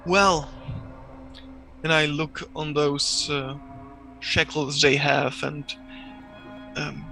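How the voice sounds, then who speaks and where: Gravelly, bright-voiced male player. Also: fairly high pitch, little pitch movement, faint music behind. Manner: halting, non-native phrasing. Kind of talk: casual tabletop play.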